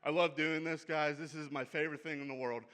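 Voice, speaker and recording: A man's voice: on the high side, steady tone, a little fast, a bit bright. A man with a Pittsburgh accent doing a brash, profane, conversational stand-up set on a comedy club stage. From Pittsburgh, USA.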